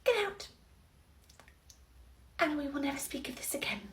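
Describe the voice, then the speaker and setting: A woman playing a cold, officious nursery manager, scolding in a clipped, deliberate way. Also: high-pitched, big pitch swings, far from the mic. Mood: stern. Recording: roomy echo, faint noise.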